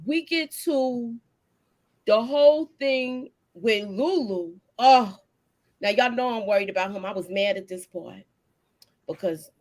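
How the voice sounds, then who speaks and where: Woman, live-stream host, AAVE speaker, animated and chatty, slightly high voice. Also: measured pace. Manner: animated, chatty, greets viewers, laughs often. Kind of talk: casual live recap chat.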